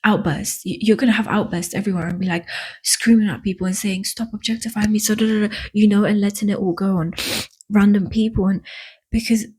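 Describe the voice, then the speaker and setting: Breathy woman giving earnest self-help talk. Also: mid-range voice, steady tone, mellow. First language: not English. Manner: earnest, affectionate, addresses viewers as "my love" and "baby"; halting, with restarts and drawn-out emphatic words. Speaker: vlogger. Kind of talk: casual spiritual self-help talk to camera.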